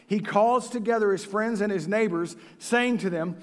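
A man, likely in his thirties, preaching a sermon as pastor in a folksy, animated way that sometimes sinks to a hush. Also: sits high, normal speed. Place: church sanctuary. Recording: long hall reverb.

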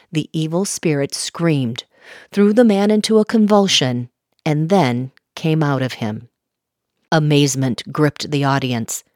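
A woman giving a measured, even reading of a scripture passage. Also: sits low, no room sound, clean studio sound. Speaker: Bible reader.

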